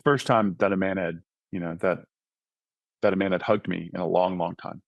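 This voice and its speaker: A man with a fairly low voice recounts his own life story as a podcast guest, earnest and conversational, often tossing in a quick "right?". The sound is dry and close, with no room echo. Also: steady tone, vocal fry. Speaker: podcast guest, author and mentoring ministry founder. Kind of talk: personal testimony in casual conversation.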